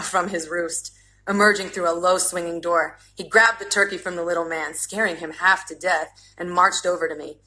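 30s woman reading a funny memoir live on her phone, lowish voice, bright and dry. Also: poor audio. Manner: wry, dry comic delivery. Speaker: reader. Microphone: phone mic.

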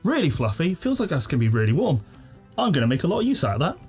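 A young man hosting an unboxing video at home, chatting with excited enthusiasm and laughing now and then. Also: on the high side, very fast, breathy edge, faint music behind. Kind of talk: casual unboxing commentary. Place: living room at home.

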